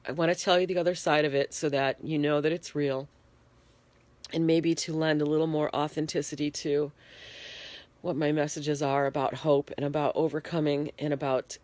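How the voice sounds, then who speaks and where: Low-voiced lady, stuffed up and shivery, talking slow and plain into her phone in bed, no room echo. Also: level tone, darkish tone. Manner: plain, unhurried, explaining in detail. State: congested. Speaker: vlogger. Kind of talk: casual personal video diary. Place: bedroom, in bed. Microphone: phone held in hand.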